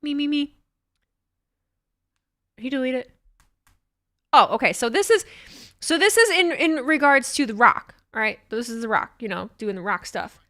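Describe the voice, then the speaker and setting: A young woman hosting a casual livestream, excitable and swearing freely as she reacts to chat comments. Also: high-pitched, normal speed, long pauses, no echo, studio quality. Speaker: livestream host.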